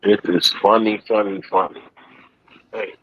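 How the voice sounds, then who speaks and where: A man's voice: fairly low pitch, fairly even intonation, measured pace, highs cut off, noisy background. A man chatting casually as a podcast guest, rambling and repeating himself, with easy laughter as he talks. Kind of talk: casual chat.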